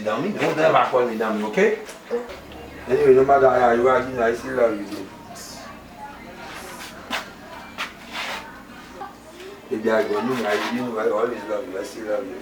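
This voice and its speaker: A man's voice: medium pitch, fast, natural voice. An actor with a Bahamian accent playing a hot-tempered but doting father, emphatic and repetitive, in a film. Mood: arguing. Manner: emphatic, repeats himself, broken grammar. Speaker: actor in a low-budget feature film. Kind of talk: naturalistic film acting. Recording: roomy, distant, with background noise.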